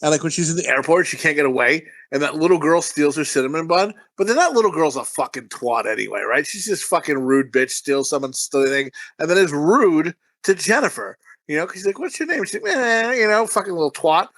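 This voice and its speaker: A man's voice: on the high side, animated, brisk, hardly any pauses, a bit bright, no room sound. A man co-hosting a comedy podcast, retelling movie scenes in a loose, profane way. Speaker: podcast co-host. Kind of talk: comedic movie review chat.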